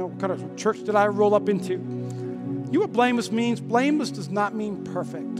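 High-voiced preacher man over music. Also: big-room sound. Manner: lively, talks to the congregation with playful asides. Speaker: pastor. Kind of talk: sermon. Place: church. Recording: music playing behind.

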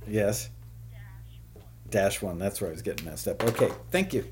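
A man hosting a live web show, chatting casually with viewers, often laughing and spelling things out slowly. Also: fairly low pitch, expressive, darkish tone, a little hiss or hum.

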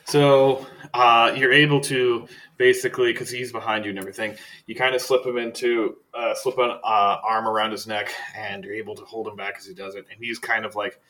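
A man narrating a tabletop role-playing game as game master, casual and halting, with many fillers. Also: lowish voice, flat delivery, bright, forceful tone, rough recording.

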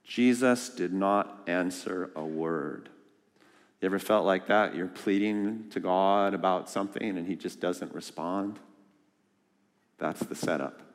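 A man preaching a sermon as a guest speaker, lively and joking, asking the congregation questions. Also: low voice, a little slow, long reverb tail. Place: church sanctuary.

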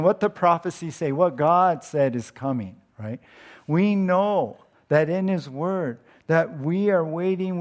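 Conversational male pastor preaching. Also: a little high. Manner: conversational, asks the congregation questions, tails off softly at phrase ends. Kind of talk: sermon.

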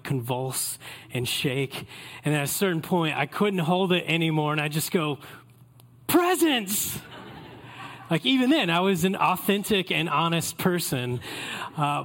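Pastor, playful sermon. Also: male voice, on the high side, fairly bright tone. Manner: playful, joking asides to the congregation.

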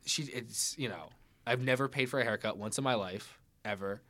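A man's voice: mid-range voice, moderate pace, bright, forceful tone. A man in his twenties chatting casually, telling rambling stories full of "like" fillers. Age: 20s. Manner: rambling storyteller, many "like" fillers. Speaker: podcast guest, editor. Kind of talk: casual chat.

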